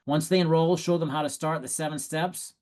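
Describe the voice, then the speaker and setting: Animated man coaching on sales. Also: on the high side, fairly quick. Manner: animated, acts out prospects and quotes; laughs at own stories. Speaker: sales trainer. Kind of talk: coaching talk.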